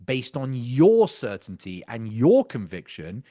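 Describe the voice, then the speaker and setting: A man's voice: mid-range voice, wildly swooping pitch, slow pace, dark tone. A man coaching sales closers, breaking down a practice call in an emphatic, intense way with casual swearing.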